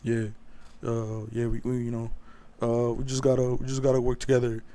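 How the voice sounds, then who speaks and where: Guy mocking a worn-out athlete mumbling excuses, flat monotone, hissy noisy audio. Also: medium pitch, pitched below the performer's own voice, natural voice. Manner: halting, filler-heavy, flat. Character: weary mumbling male pro athlete, deflecting.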